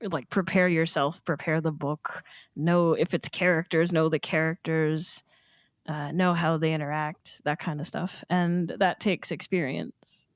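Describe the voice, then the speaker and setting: Woman cohost chatting about audiobooks, lowish voice, lots of ums and laughs, dry sound. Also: steady tone, unhurried, no room sound. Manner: chatty, hesitant, laughs often. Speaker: podcast co-host. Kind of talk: casual panel discussion.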